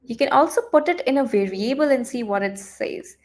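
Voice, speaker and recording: A woman runs a live online coding lesson on a computer mic, talking her viewers through what is on her screen. Her voice sits fairly high, and she thinks aloud as she goes, full of fillers and restarts. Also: expressive, brisk, darkish tone. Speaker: coding teacher.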